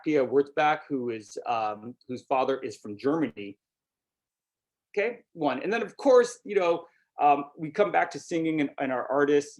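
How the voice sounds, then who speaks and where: A man's voice: mid-range voice, darkish tone. A middle-aged man presenting a workshop over a video call in a conversational way, often adding "you know" and "right?".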